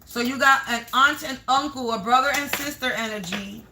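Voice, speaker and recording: A woman's voice: sits high, normal speed, background noise. A woman giving a spiritual reading to camera, speaking in emphatic, repetitive warnings with frequent swearing. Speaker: tarot and energy reader.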